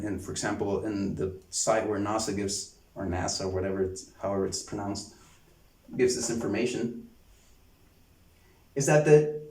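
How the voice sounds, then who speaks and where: A man giving an online lecture, halting often and repeating words as he gropes for the phrase. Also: on the low side, a little mellow. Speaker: course lecturer. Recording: roomy sound from a distance.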